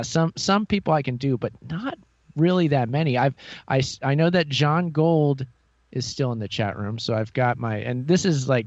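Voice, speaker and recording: A man hosts a podcast in casual chat. He is hesitant, with fillers and quiet laughs, and his voice sounds muffled and lo-fi, close and dry. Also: mid-range voice, no echo. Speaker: podcast host.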